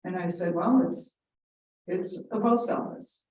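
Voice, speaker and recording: A woman's voice: on the low side, a little slow, warm tone. A woman giving a public comment at a town meeting, earnest and rambling, with frequent ums and quoted anecdotes. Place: large council chamber. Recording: echoey meeting room from far off.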